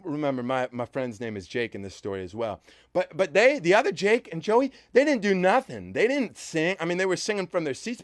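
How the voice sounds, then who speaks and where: Young male host, high voice, animated storyteller, dry close sound. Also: no room sound. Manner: lively storyteller who acts out voices and breaks into song. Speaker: band member and show host. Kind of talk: animated storytelling on a live stream.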